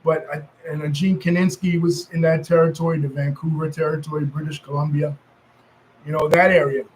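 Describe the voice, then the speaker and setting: A man's voice: on the high side, flat delivery, a little fast, a little mellow, a little hiss or hum, rough recording. A man with a New York accent telling wrestling history in a loose, rambling monologue, full of fillers and self-corrections. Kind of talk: casual storytelling monologue.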